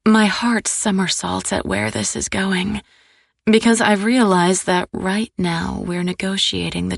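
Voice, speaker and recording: A woman narrating a first-person romance audiobook in an intimate, soft-spoken way. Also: mid-range voice, fairly even intonation, unhurried, gravelly, no echo, clean studio sound.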